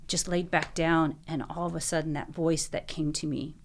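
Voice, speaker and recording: A woman's voice: deep voice, little pitch movement, moderate pace, a little hiss or hum. A young adult woman, a podcast guest, telling her personal story in an earnest, emotional way, with many filler likes.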